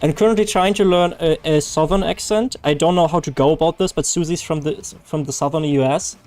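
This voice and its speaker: A man whose voice is a little high, a little fast and a little mellow talks with viewers during a game stream. He's a native German speaker with a German accent, chatting casually and answering them aloud with frequent restarts.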